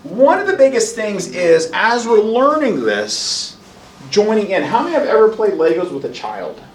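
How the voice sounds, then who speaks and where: A man gives a college lecture in a high, highly animated voice, slipping into quick acted asides as parents and children. He is heard from across an echoey classroom. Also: slight background noise. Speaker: college instructor. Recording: roomy classroom heard from a distance.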